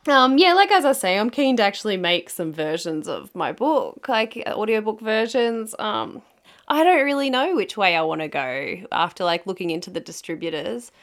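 A woman author co-hosting a podcast, thinking aloud in a relaxed, hesitant way. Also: medium pitch, moderate pace. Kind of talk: casual podcast chat.

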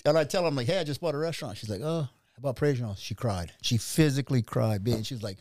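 A middle-aged man, a restaurant owner who tells his story in an animated way and acts out the voices of other people. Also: mid-range voice, very fast, few pauses, dry recording, clean studio sound. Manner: animated, acts out quoted dialogue. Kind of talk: conversational storytelling.

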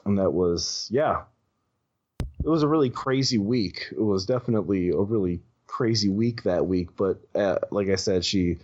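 A man with a fairly low voice tells a personal story as a guest, stumbling over restarts and swearing casually. The audio is dull and lo-fi. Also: a little mellow. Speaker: podcast guest.

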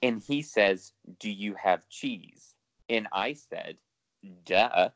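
A man's voice: fairly low pitch, animated, takes it slowly, gravelly, no room sound. A man co-hosting a podcast in casual chat, talking freely with lots of swearing and laughter. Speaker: podcast co-host.

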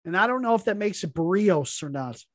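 A man's voice: high voice, expressive, fairly quick, no room sound. A man rattles off his lines with lots of movement in his voice, rising and dipping as he trash-talks. His sound is dry and close on a podcast microphone. He talks in casual, profane banter that is full of playful insults. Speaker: podcast co-host.

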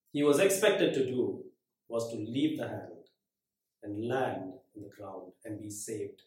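Dramatic preacher in an echoey hall. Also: male voice, mid-range voice. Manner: dramatic, swinging from loud to very quiet. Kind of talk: sermon storytelling. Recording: very echoey room.

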